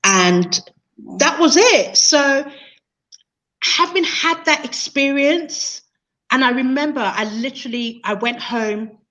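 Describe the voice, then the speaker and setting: A woman's voice: sits high, animated, slow pace, a bit bright, lo-fi sound. A woman, an interview guest telling a personal story in an earnest, emotional way, often repeating herself. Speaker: interview guest, training consultant.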